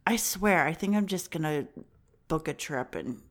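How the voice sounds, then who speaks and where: A woman's voice: low voice, expressive, moderate pace. A woman co-hosting a casual podcast chat who giggles often and teases playfully. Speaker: podcast co-host.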